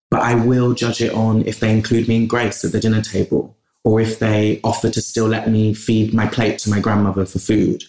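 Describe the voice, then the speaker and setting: Gravelly man, passionate. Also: fairly low pitch, darkish tone. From England. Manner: passionate, talks in long runs with restarts. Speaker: podcast guest. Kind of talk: conversational interview. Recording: roomy echo.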